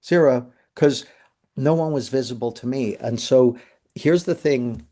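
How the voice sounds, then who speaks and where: A man's voice: medium pitch, moderate pace, warm tone. A middle-aged man hosting a live masterclass over a video call, telling stories in a conversational way and acting out what people said. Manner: conversational storytelling, acting out quoted voices. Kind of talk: live webinar talk.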